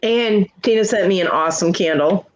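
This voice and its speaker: A middle-aged woman hosting a casual livestream chat, telling a story with lots of swearing and jumping into high voices for quotes while greeting viewers. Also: brisk, a little hiss or hum. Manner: profane, animated storytelling with leaping voices for quotes. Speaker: livestream host. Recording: muffled lo-fi stream audio.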